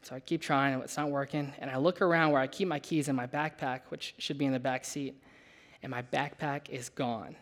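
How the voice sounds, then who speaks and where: A young adult man preaching a sermon, telling a personal story in a conversational, animated way with asides to the listeners. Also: mid-range voice, a little fast.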